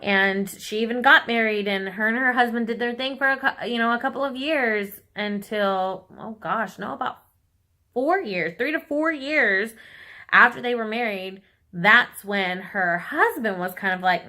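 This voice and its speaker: A young woman speaks straight to her viewers, candid and heartfelt. Her voice is bright and forward, sitting in an ordinary middle register. At times she sounds close to tears. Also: mid-range voice, a little slow. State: tearful at times. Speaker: vlogger. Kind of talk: emotional personal vlog.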